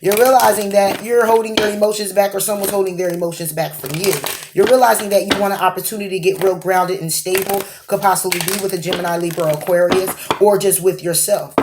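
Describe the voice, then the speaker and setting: A woman's voice: medium pitch, noisy background. A woman giving a tarot reading to camera, rambling, rephrasing as she goes and checking in with a questioning "okay?". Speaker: tarot card reader.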